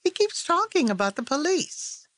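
A woman voicing a kind, soft-spoken female schoolteacher in an audiobook, gentle and politely concerned, with a soft, sweet voice. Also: high voice, very animated, moderate pace, no echo, pitched above the performer's own voice. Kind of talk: audiobook character voice.

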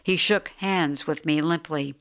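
A woman narrating a short story for an audiobook in a steady, even way. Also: deep voice, a little slow.

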